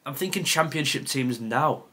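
A man talking himself through a timed quiz, half muttering and often sighing. His pitch sits at an ordinary middle level, and he pokes fun at himself between answers. It sounds like a casual creator video. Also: expressive, normal speed, bright, forceful tone. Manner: mutters to himself, sighs, self-deprecating. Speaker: football content creator. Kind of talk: thinking aloud during a timed quiz.

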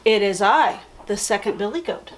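A woman voicing a middle-sized male billy goat in a children's story, a touch lower and softer. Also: expressive, normal speed, a little hiss or hum, close to an everyday voice. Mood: pleading.

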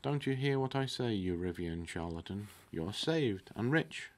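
Haughty nobleman with a short fuse, low in pitch, blustering as a male reader voices him. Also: lively intonation, unhurried. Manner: blustering, contemptuous. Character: arrogant haughty male nobleman, quick-tempered.

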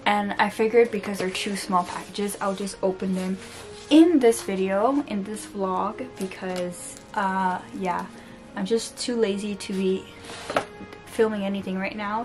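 A tired, sleep-deprived woman with a French accent chatting casually while unboxing books at home, joking at herself and stumbling over words. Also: medium pitch. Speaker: book vlogger. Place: home room with books on the floor.

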